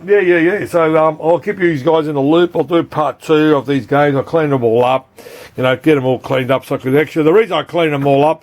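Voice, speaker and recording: An Australian man who repairs arcade boards, chatting casually and rambling, swearing freely and calling the viewer mate. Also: a little high. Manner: rambling, swears often, keeps saying "mate". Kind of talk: casual unscripted video chat.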